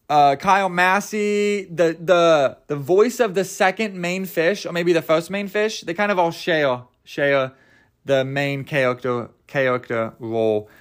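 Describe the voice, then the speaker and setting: A man's voice: on the high side, a bit bright. A young man hosting a casual solo podcast, rambling and joking, often tripping over his words. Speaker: podcast host.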